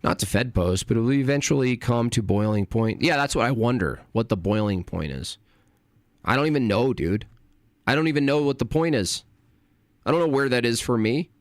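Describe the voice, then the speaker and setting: A man's voice: mid-range voice, animated, normal speed, no echo, clean studio sound. Profane rambling male livestreamer. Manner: rambling, profane, trailing off into mutters. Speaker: livestream host. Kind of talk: late-night livestream rant.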